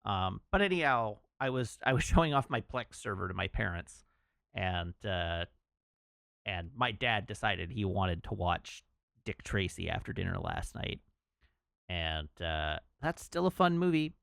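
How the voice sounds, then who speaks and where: A man's voice: low-pitched, animated, a little slow, vocal fry, fairly bright tone, no echo, clean studio sound. A man chatting casually on his livestream, laughing and reading out chat messages.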